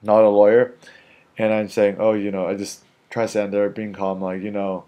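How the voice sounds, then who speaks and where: A street photographer, a man, recounts an encounter in a loose, conversational ramble. His voice sits on the low side, and he leans on fillers like "you know" and "um". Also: flat delivery, normal speed, highs cut off. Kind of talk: casual storytelling.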